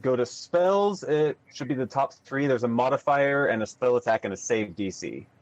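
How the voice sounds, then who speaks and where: A man playing a tabletop game, calmly explaining his moves and the rules. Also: mid-range voice, moderate pace, low-quality recording. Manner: relaxed, plainly explains rules. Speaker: player. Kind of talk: casual game chat.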